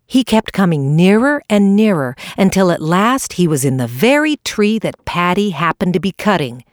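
A woman reading a children's animal story aloud in an expressive way. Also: medium pitch, no room sound, studio quality. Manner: lively, expressive. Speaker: narrator.

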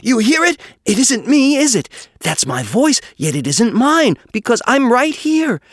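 A man's voice: very high voice, sing-song, a little slow, a bit bright, dry recording, studio quality, pitched above the performer's own voice, exaggerated voice. A man voicing an angry little male tree toad who shrieks and scolds in a storybook reading. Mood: indignant.

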